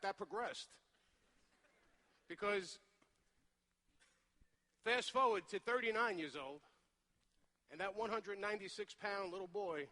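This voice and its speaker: A man in his forties with a Brooklyn accent, telling his personal story on stage in an energetic, conversational way. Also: high voice. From Brooklyn, New York. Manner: energetic, conversational, working the crowd. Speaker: motivational speaker. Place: large event stage.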